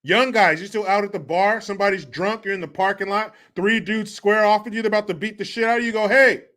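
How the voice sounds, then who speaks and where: A man's voice: sits high, steady tone, fast, fairly bright tone. A man hosting a commentary show, riffing in a profane, mocking rant and repeating catchphrases for laughs.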